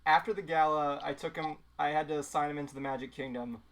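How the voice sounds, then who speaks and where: A man's voice: on the high side, fairly even intonation, quick pace, a bit bright. A man co-hosting a casual group podcast, telling a rambling anecdote with many restarts. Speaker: podcast co-host. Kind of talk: casual group chat, storytelling.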